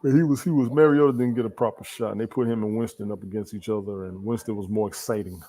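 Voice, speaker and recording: This man talks sports on a casual podcast, giving blunt, opinionated takes. His voice sits somewhat low. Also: fairly even intonation, quick pace, dark tone, rough recording. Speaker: podcast co-host.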